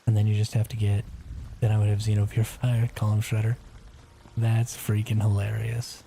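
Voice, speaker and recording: Low-voiced man streaming gameplay. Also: monotone, normal speed, gravelly, mellow, slight background noise. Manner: chatty, reads chat aloud. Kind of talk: casual gameplay commentary.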